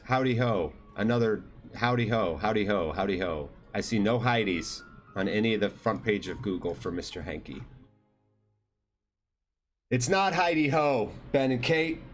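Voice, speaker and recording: A man hosting a live online trivia show in a loose, joking way, teasing teams and handing out points, with faint music behind him. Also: medium pitch. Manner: jokey, loose, teasing players by team name. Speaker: trivia quiz host. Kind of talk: casual live quiz hosting.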